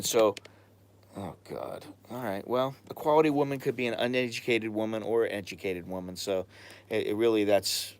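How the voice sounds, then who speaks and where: American man, casual live-stream chat, rambling, blunt, stops to hunt for words. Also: lowish voice. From United States. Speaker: expat vlogger answering live chat.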